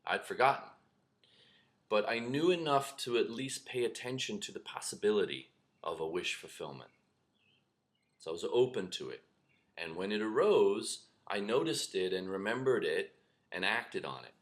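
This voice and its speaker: A middle-aged man telling a personal story to camera as a spiritual teacher, animated, acting out shouts and whispers. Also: lowish voice, normal speed. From lives in New York.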